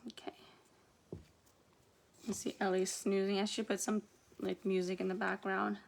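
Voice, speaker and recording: A woman's voice: medium pitch, flat delivery, normal speed, creaky, a little hiss or hum. A woman chatting casually through a home nail-care tutorial, rambling a little and filling gaps with "um" and "like". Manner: chatty, rambling with many fillers. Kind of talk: casual how-to demonstration.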